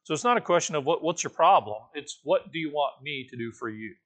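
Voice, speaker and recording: A man's voice: a little high, lively intonation, fast talker, a bit bright. A man preaching a conversational sermon, correcting himself as he goes and rising now and then to emphatic, raised passages. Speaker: pastor.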